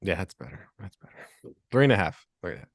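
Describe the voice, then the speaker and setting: A man's voice: deep voice, very animated, racing, vocal fry, dry recording, studio quality. A man hosting a casual, joking podcast chat who laughs easily. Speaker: podcast host.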